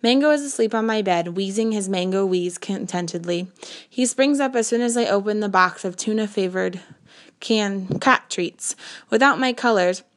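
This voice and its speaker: A woman narrating a first-person novel in a measured, earnest storytelling manner. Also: medium pitch. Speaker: audiobook narrator.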